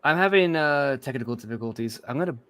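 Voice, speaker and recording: A male host talking casually over a video call, hesitant, with many pauses and fillers. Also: mid-range voice, animated, a bit bright, smooth. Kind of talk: casual chat. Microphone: video call mic.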